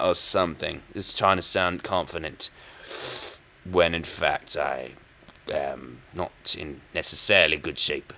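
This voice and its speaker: A young man giving rambling, self-mocking chess commentary, jokey and erratic, with sudden loud outbursts. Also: extremely low pitch, steady tone, measured pace, vocal fry.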